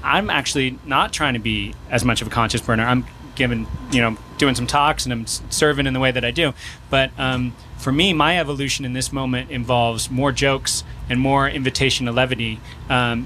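A man's voice: medium pitch, sharp tone, slight background noise. A man from New Mexico speaking on a panel, thoughtful and playful, sometimes acting out voices. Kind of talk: casual panel talk.

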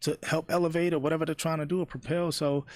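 A man on a casual interview show, telling animated stories and mimicking the people he quotes. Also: a little high, quick pace, no room sound, clean studio sound. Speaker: interviewer and guest. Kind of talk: casual podcast chat.

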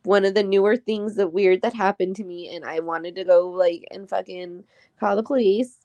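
A woman's voice: mid-range voice, steady tone, normal speed, dark tone, no echo, highs cut off. A woman, a mother, chatting on a podcast in a blunt, profane, chatty way. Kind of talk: casual podcast chat.

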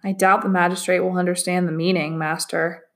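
A woman's voice: fairly low pitch, flat delivery, a little fast, a bit bright. A woman voicing an eager, deferential young male apprentice in a storybook reading.

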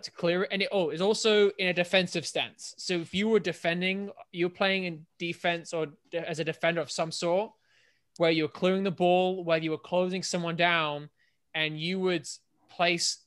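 A man's voice: sits high, steady tone, normal speed, a bit bright. A young man from England, co-hosting a casual podcast and explaining a sports injury study in a chatty way, often restarting his sentences. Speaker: podcast co-host.

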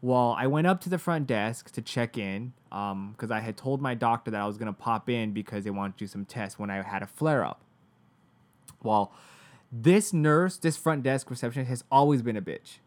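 A man's voice: mid-range voice, moderate pace. Brief: casual male podcast host, chatty storyteller, loose and rambling. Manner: chatty storyteller, many fillers and restarts. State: in pain from a medical issue. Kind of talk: casual chat.

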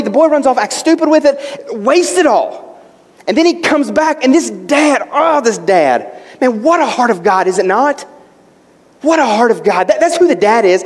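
A man with a high voice preaches in a church sanctuary, building passion and repeating his words. He keeps asking rhetorical questions. His voice rings with the long reverb of a large hall. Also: darkish tone. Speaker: pastor. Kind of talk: sermon.

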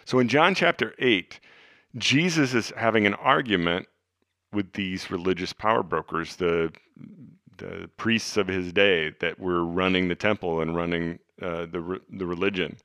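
A man hosting a podcast, teaching the Bible in an earnest, conversational way, dropping to hushed tones for emphasis. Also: sits low, measured pace, no room sound, clean studio sound. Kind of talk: casual teaching talk.

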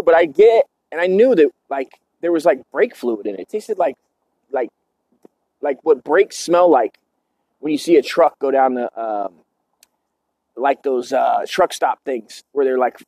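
A man in his forties tells stories casually on his podcast. His voice sits a little high and is recorded close and dry. His talk is profane and rambling, full of "dude" and "man". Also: moderate pace, dark tone, dry recording. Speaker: podcast host. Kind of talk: casual storytelling.

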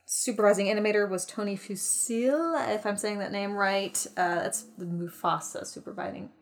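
Woman, podcast co-host, casual chat, animated, quick laughing asides. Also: medium pitch. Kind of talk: casual film discussion.

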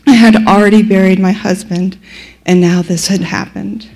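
A woman playing a grieving widow in a first-person monologue, recounting her story slowly and sorrowfully. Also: medium pitch, fairly even intonation, creaky, darkish tone. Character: grieving widow who lost her only son.

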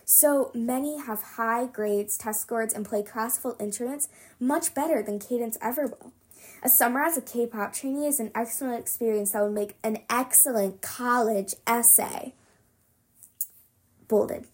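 A woman reading a novel aloud for a podcast, expressive first-person reading with small slips. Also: a little high, measured pace. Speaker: podcast reader.

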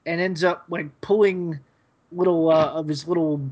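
A man co-hosting a podcast, giving a rambling, hesitant episode recap full of fillers and pauses. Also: fairly high pitch, fairly even intonation, darkish tone, muffled recording. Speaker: podcast co-host.

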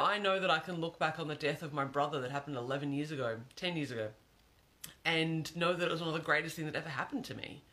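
A man's voice: fairly high pitch, bright, forceful tone. A man giving an earnest, reflective monologue, repeating phrases for emphasis.

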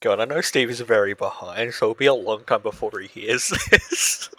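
An Australian man co-hosting a podcast in casual chat, playful and quick to laugh. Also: on the low side, a bit bright, no echo. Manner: laughs easily, playful banter. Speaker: podcast co-host.

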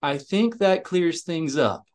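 A man reading aloud, voicing a poised, diplomatic woman, lifting his voice a little higher and gentler than his narration. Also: expressive, takes it slowly.

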